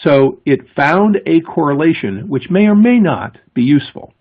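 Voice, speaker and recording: A man presents at a conference, his pitch rising and falling in a lively way as he explains step by step. His voice is a touch husky. The recording is thin and lo-fi, much like a phone line. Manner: explanatory, emphatic, with pauses before key words. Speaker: conference speaker.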